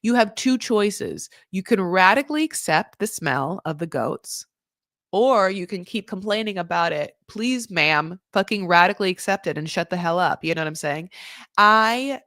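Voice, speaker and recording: A woman chatting casually at home, recapping a reality show in a rambling, animated way with swearing. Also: on the low side, moderate pace, dry recording, studio quality. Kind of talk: casual chat. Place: home room.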